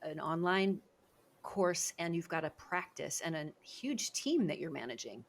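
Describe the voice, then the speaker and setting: A low-pitched woman hosts an interview podcast as a speaking coach. She talks in an effusive, encouraging manner and heaps praise on her guest. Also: sing-song, measured pace, slight background noise. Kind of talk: interview conversation.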